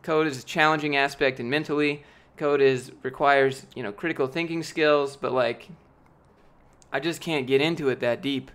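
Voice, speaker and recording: A man's voice: mid-range voice, fairly even intonation, moderate pace, a bit bright. Rambling, profane young man streaming. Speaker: streamer answering chat. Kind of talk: casual live-stream chat.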